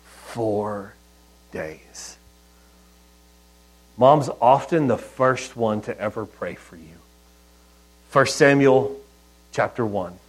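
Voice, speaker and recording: A man preaching a sermon in a conversational, storytelling way, with soft asides. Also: medium pitch, takes it slowly, low-quality recording. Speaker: pastor.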